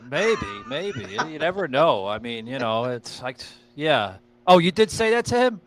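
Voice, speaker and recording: A man hosting a podcast in casual chat, telling stories in a rambling, excitable way and swearing freely. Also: fairly high pitch, moderate pace, a crowd in the background. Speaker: podcast host.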